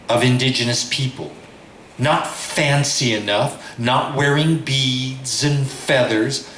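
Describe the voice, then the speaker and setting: A man, a professor, reading a text aloud in a lecture in a slow, measured, deliberate way. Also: mid-range voice, a bit bright, reverberant, a little hiss or hum.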